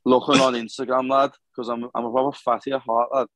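A man's voice: medium pitch, flat delivery, quick pace, fairly bright tone, poor audio. A young man, an MMA fighter, chatting casually on a podcast in a blunt, sweary way. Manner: blunt and sweary, calls everyone lad.

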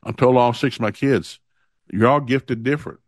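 A man's voice: medium pitch, no echo, clean studio sound. Man preaching a folksy sermon. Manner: storytelling, animated when acting out anecdotes; reads Bible verses slowly and emphatically.

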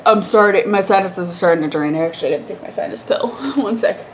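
A woman's voice: medium pitch, animated, fast, a little hiss or hum. Chatty congested young woman vlogging. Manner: rambling, chatty, laughs often. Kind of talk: casual storytelling to camera.

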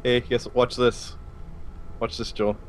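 Slow-talking giggly young man. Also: little pitch movement, slight background noise. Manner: giggly, slow drawl, frequent high laughter. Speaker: gaming partner. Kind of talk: casual gaming banter.

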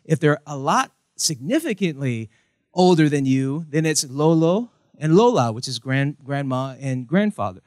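Animated young pastor, dry close sound. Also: male voice, a little high, normal speed, no echo. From United States. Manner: animated, acts out quoted voices. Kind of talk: sermon with storytelling humor.

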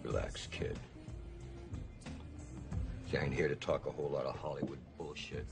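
An actor playing a crude, boastful gangster boxing promoter who drawls slowly and laughs between lines. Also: male voice, extremely low pitch, creaky. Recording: film soundtrack with music behind.

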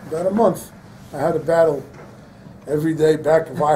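Older male rabbi, mellow higher voice, storytelling lecture turning fervent, faint room hiss. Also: moderate pace, low-quality recording. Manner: storytelling, then fervent preaching with rising emphasis; sprinkles Hebrew and Yiddish-inflected terms. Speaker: rabbi teaching a class. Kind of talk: Torah lecture.

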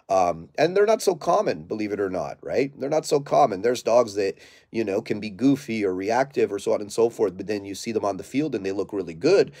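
A man who trains dogs, talking bluntly and casually in a live question-and-answer session, swearing freely and acting out dogs and owners in quick put-on voices. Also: on the low side, dark tone, dry recording, studio quality. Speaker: dog trainer.

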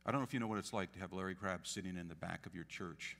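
A very low-pitched man speaks as a pastor at a memorial. His tone is bright and forceful. He talks earnestly and pushes hard on key phrases, and the reverb of a long church hall trails after his words. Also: racing, creaky. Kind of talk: memorial eulogy. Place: church sanctuary.

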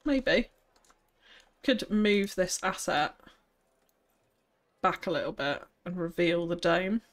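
A woman's voice: lowish voice, animated, slow pace. A woman streaming a city-building game, chatting casually and thinking aloud, with frequent laughs. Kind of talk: casual live-stream commentary while building.

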